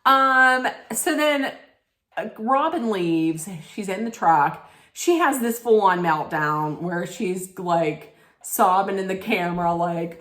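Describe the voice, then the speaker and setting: A woman's voice: medium pitch, takes it slowly, a bit bright, roomy sound. A woman giving a snarky, blunt recap straight to her viewers, emphatic and sarcastic. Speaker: reality TV recap vlogger.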